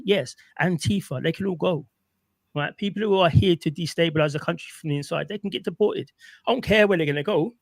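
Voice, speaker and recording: A man gives casual, opinionated commentary while reviewing clips, rambling, repeating himself, and often asking "right?". His voice is high-pitched with vocal fry, a little fast, and dryly recorded.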